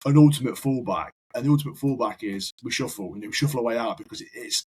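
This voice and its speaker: A man's voice: mid-range voice, fast talker, darkish tone, breathy edge, rough recording. A man, a firefighter guest on a podcast, telling long rambling anecdotes in casual chat. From United Kingdom. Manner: rambling anecdotal storyteller, repeats words.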